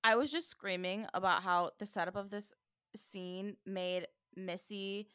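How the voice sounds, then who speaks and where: A woman's voice: mid-range voice, unhurried, a bit bright, clean tone, dry recording, studio quality. A young woman co-hosting a podcast, riffing with crude jokes and rambling critiques. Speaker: podcast co-host. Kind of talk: casual comedic chat.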